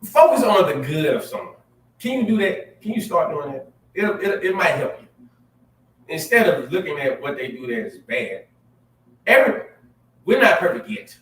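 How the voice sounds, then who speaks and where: Male co-preacher, high voice, energetic and exclamatory, mic distant in a roomy space. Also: normal speed. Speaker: co-host reading scripture. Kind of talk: sermon, scripture reading and exhortation. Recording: echoey room, mic at a distance.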